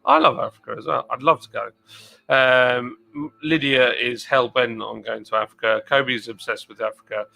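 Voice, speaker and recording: A man's voice: medium pitch, fairly even intonation, moderate pace, vocal fry, bright, forceful tone, poor audio. An English man hosting a live stream, chatting casually and rambling as he reads out viewer comments. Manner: rambling, chatty, jokey asides.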